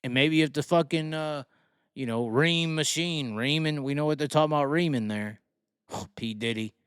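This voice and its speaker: A man's voice: on the high side, moderate pace, smooth, no room sound, studio quality. Heated, swearing male racing host. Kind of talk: profane opinion rant on livestream.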